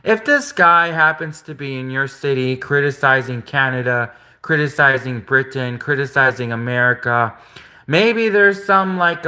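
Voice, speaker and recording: Indignant ranting man, bright forceful voice. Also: medium pitch. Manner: indignant, repetitive, rambling with restarts. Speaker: vlogger. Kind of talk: casual ranting monologue.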